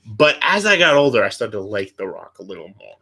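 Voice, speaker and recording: A young man with a bright, forward voice, talking through a countdown in casual chat. He is animated, jumping into loud impressions and back into easy banter. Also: fairly low pitch, brisk, breathy edge. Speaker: co-host.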